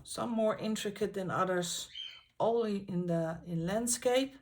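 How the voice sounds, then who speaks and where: A woman, hosting a colouring channel and paging through her books in a casual, enthusiastic way, pausing often on fillers. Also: medium pitch, darkish tone. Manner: enthusiastic, halting with frequent fillers. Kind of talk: casual book flip-through.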